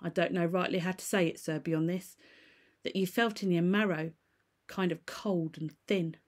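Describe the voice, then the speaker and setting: A frightened old manservant, loyal to his master, pressing his case with urgent insistence in a storybook reading, as a woman reader puts him on. He speaks a little higher and louder than the narration around him. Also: steady tone, moderate pace, close to an everyday voice. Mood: uneasy.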